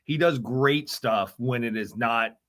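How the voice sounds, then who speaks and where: A man's voice: medium pitch, a bit bright. A man co-hosting a casual comics chat, joking and teasing. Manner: joking, teasing, quick to laugh. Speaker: co-host.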